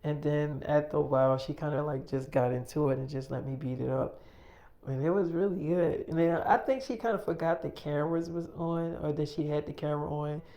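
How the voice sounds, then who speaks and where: A woman telling a rambling, slangy story in a casual, relaxed way. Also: deep voice, a little fast.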